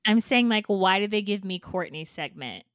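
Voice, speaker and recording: A woman's voice: mid-range voice, animated, moderate pace, no room sound, clean studio sound. Chatty interrupting woman podcast host. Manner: chatty, defensive, keeps interrupting. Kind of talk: casual banter with sisters.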